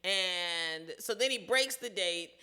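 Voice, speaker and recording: A woman's voice: lowish voice, slow, clean tone. A middle-aged woman co-hosting a casual podcast chat, telling stories with lots of laughter. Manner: animated, laughing storyteller. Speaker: co-host.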